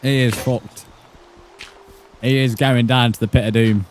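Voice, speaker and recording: A man with a British accent, giving profane, excitable live commentary while streaming a game. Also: medium pitch, unhurried, a little hiss or hum. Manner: profane, excitable, mock-outraged. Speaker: gaming streamer.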